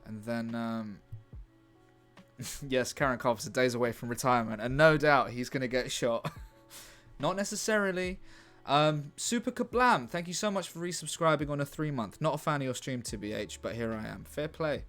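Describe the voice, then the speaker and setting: A man's voice: mid-range voice, animated, normal speed, fairly bright tone, soft background music. A man chatting casually on a live stream while he writes a script, musing aloud. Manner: musing aloud, chatty, laughs at his own ideas.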